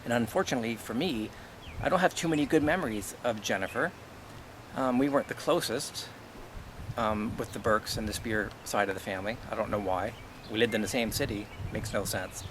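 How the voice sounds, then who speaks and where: A man's voice: on the low side, fairly quick, background noise. A middle-aged man telling a personal family story in a blunt, aggrieved way, swearing often and asking rhetorical questions. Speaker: vlogger.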